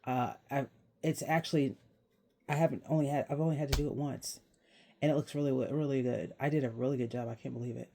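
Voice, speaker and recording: Young adult man, vlog host, casual rambling chat, mid-pitched, laughs now and then. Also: steady tone, quick pace, vocal fry, mellow, a little hiss or hum. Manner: rambling, chatty, laughs while talking. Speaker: channel host.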